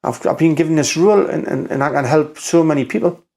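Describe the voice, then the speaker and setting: A middle-aged man from North East England speaks as a podcast guest. He is emotional and near tears, stumbling and repeating himself. His delivery is rough and plain-spoken, with swearing. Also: on the high side, quick pace, darkish tone. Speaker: podcast guest, former doorman. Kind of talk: emotional storytelling.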